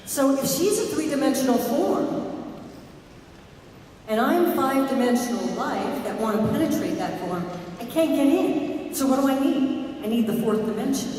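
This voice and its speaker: A woman giving a live spiritual talk to an audience. She often quizzes the listeners and slows down to stress key words. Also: high voice, lively intonation, dark tone, a little hiss or hum. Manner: asks the audience questions, slows down for emphasis. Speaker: spiritual speaker. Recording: echoey hall from far off.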